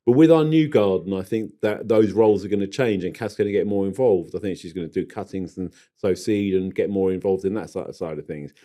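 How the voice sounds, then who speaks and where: A man's voice: low-pitched, a little fast, hardly any pauses, mellow. A man co-hosting a gardening podcast, chatting casually in a rambling, jokey way that keeps interrupting itself. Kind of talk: casual chat.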